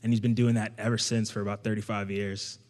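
A young man telling a personal story to an audience in a casual, conversational way, getting animated when he quotes himself. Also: fairly low pitch, fast. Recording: long hall reverb.

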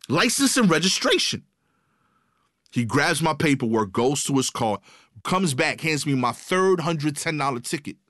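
A young man telling a funny personal anecdote in casual slang, animated with sharp comic timing. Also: fairly high pitch, normal speed, dry recording. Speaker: storyteller. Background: guitar music.

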